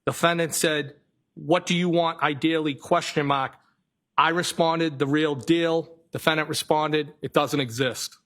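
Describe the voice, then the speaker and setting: Guy on the witness stand in a courtroom reading texts out flat and careful, kinda high voice. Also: a little slow. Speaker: trial witness. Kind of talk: courtroom testimony, reading messages aloud.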